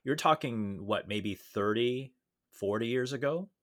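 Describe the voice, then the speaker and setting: A man co-hosting a podcast in casual chat, talky and quick to laugh, with plenty of fillers and restarts. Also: mid-range voice. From Canada. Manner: chatty, laughs often, many fillers and restarts. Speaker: podcast co-host.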